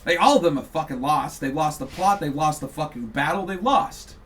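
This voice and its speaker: A man's voice: on the high side, a little fast, fairly bright tone, recorded from a distance, slight background noise. A man hosting a podcast, launching into a heated, profane, mocking political rant. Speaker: podcast host.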